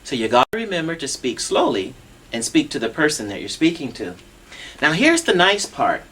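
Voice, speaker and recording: A man's voice: a little high, huge pitch swings, normal speed, fairly bright tone, a little hiss or hum. A man demonstrating assistive telephone equipment on a TV show, patient and instructive, walking through each step.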